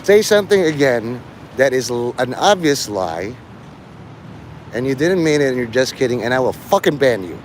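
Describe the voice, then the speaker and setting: Animated man rambling at his stream chat. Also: medium pitch, normal speed, a little hiss or hum. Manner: rambling, teasing, bursts into mock-angry swearing rants. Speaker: livestreamer. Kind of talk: rambling livestream chat to viewers.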